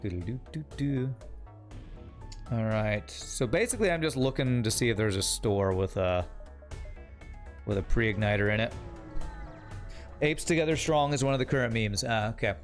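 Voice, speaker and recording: A young man casually narrating his game while answering chat, dry and teasing. His voice sits at an ordinary middle pitch, and faint game music plays under him. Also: normal speed, pauses often. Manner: wry, teasing, talks to chat while playing. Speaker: streamer.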